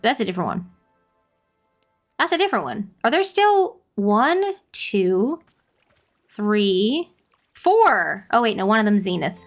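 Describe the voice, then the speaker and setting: Woman streamer, casual, bubbly, laughs a lot, higher voice, soft music behind. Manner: bubbly, laughs easily, chatty. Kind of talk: casual game-stream chat.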